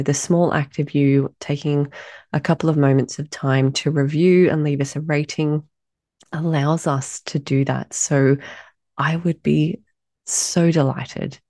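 A woman hosting her own podcast alone, her voice low and husky with a gravelly edge, hoarse after being ill. She talks in a warm, mellow tone, gushing and chatty, and the sound is dry and close. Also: no echo. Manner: enthusiastic, effusive, chatty. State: hoarse from recent illness. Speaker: podcast host. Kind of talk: solo podcast monologue.

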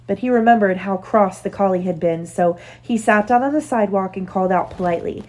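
A mother reads a children's picture book aloud to her little one. Her voice is mellow and soft-edged, telling the story gently with easy, casual asides. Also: medium pitch, fairly quick, hardly any pauses. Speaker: parent reading to her child. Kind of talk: bedtime read-aloud.

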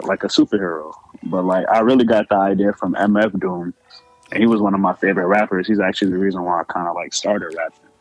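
A man who raps, answering interview questions in a calm, measured way. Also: sits low, low-quality recording. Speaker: rapper guest. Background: music playing.

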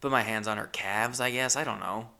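A man's voice: on the low side, fairly even intonation, fairly quick, creaky, pushed and bright. A man telling a rambling, awkward, self-deprecating comic story with many restarts. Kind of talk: stand-up storytelling.

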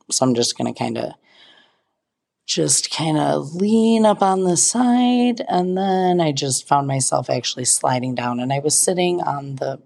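With a deep, darkish voice, this young podcast host tells an amusing story about herself at a measured pace, expressive and touched by vocal fry. She peppers the casual tale with dramatic, self-deprecating asides.

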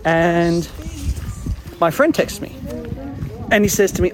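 A young man telling his own embarrassing stories in a casual, animated way, chuckling along as he goes. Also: sits high, slow, long pauses. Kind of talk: casual storytelling monologue.

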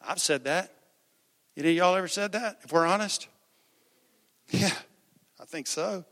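A man preaching a conversational, animated sermon with jokes in a church. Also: high-pitched, a little slow, big-room sound. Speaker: pastor. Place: church sanctuary.

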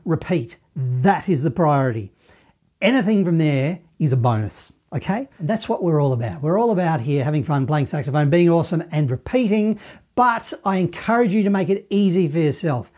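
Mellow-voiced Australian sax teacher. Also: male voice, a little high. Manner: encouraging, chatty, self-deprecating. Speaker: saxophone teacher. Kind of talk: play-along music lesson.

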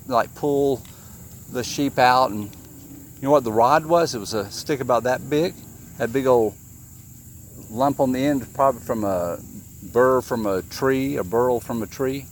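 A preacher gives an informal sermon, reading scripture, questioning his listeners, and often repeating words in a conversational way. His mid-range voice moves at a measured pace over a faint hiss or hum.

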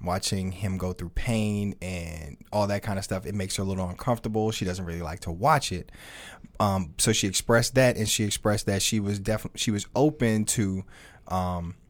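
A man co-hosting a podcast in casual chat, relaxed, adding his side of the story. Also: fairly low pitch, normal speed. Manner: relaxed, chiming in with short reactions. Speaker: podcast co-host.

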